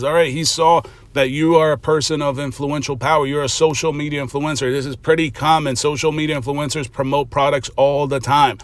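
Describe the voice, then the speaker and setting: A man's voice: on the high side, fairly even intonation, a little fast, hardly any pauses, no room sound. A man giving a blunt, profane reaction commentary, mocking and lecturing as he talks. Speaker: reaction vlogger.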